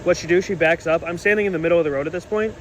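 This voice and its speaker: A young man telling a personal story to the camera, indignant and animated, acting out quoted lines. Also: on the high side, very fast, a little hiss or hum, rough recording.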